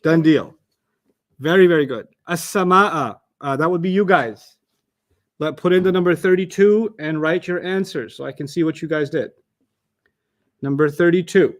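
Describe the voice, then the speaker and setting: Man teaching an online class, teasing, quick, fairly high voice.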